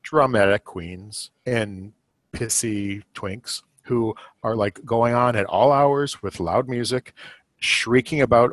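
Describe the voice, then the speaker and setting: A man's voice: mid-range voice, measured pace, no room sound. A middle-aged man hosting a podcast, chatting casually in a rambling way with lots of fillers and chuckles. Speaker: podcast host. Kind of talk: casual chat.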